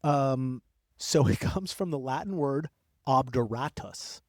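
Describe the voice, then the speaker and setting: A young man co-hosts a podcast and tells history in excitable bursts, wandering off on tangents and cutting himself short before picking the thread back up. His pitch sits at an average level. The recording is dry and close, with no room sound. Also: takes it slowly, no room sound. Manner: excitable, rambling, self-interrupting. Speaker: podcast co-host. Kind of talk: casual storytelling chat.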